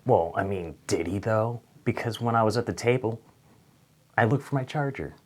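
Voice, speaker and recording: A young man telling a funny story straight to camera, swinging from loud acted-out outbursts to low mutters. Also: moderate pace. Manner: animated, swings between loud outbursts and mutters, acts out voices. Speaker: storyteller vlogger.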